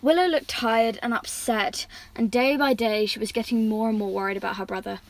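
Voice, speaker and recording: A woman's voice: on the high side, steady tone, a little fast, poor audio. A woman reading a fantasy story aloud, restarting words now and then. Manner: reads characters' lines with stronger feeling, slips and restarts words. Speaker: reader.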